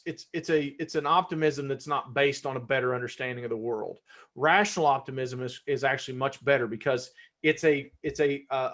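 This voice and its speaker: A man's voice: mid-range voice, fairly bright tone. A man presenting a live-streamed workshop in a conversational way, restarting words and now and then getting fired up. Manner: conversational, self-correcting, gets fired up.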